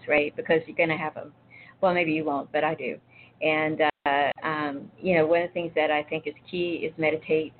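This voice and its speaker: A woman talking casually about faith as an intuitive reader, telling rambling, chatty stories full of asides. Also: sits low. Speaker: intuitive reader and spiritual speaker. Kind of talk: casual spiritual talk to viewers. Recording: tinny phone-like sound with faint noise.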